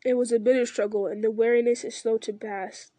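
A woman voicing a noble, weary male ranger-king in a solemn, measured reading with small slips. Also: on the high side, fairly even intonation, warm tone, no echo, natural voice.

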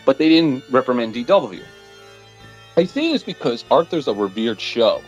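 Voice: medium pitch, moderate pace, muffled recording, faint music behind. A podcast co-host in casual chat, animatedly retelling a story and swearing bluntly along the way. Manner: animated storytelling, retelling a plot with mock voices.

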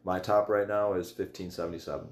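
A man's voice: low voice, fairly even intonation, fast talker, a little mellow. A man who is a regular podcast guest, telling stories loosely with fillers and laughter. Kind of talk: casual chat.

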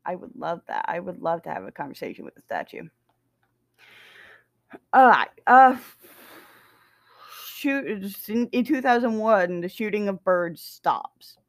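A woman's voice: medium pitch, big pitch swings, measured pace, creaky, pauses often, dry recording, clean studio sound. A woman casually reading a document aloud, breaking off for joking, swearing asides and stumbling over dates. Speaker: reader of SCP documents.

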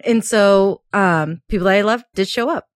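Woman, late 20s, co-host, chatty storyteller, laughs a lot, middle pitch, dry close mic. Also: moderate pace, dry recording. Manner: chatty, laughs often, acts out quotes with a jump in pitch. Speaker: podcast co-host. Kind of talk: casual chat.

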